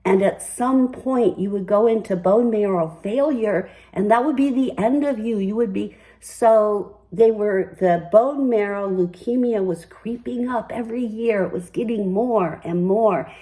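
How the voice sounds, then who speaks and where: A woman's voice: medium pitch, mellow, low-quality recording. An older woman hosting a personal commentary, telling her story in an emphatic, upbeat way. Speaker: commentary host.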